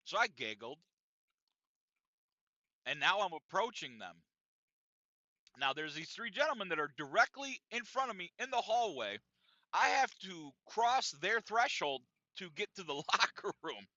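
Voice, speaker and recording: A man hosts a podcast, recounting a story in a relaxed, animated way with plenty of swearing and laughter. His voice sits high, he takes his time and pauses often, and the recording sounds dull, lo-fi and dry.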